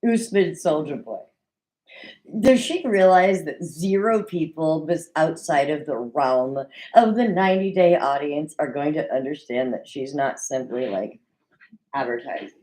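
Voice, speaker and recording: A woman's voice: low voice, measured pace, low-quality recording. A woman hosting a casual recap show from her desk at home, chatty and opinionated. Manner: chatty, opinionated, animated with mock quoted voices. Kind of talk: casual solo recap commentary.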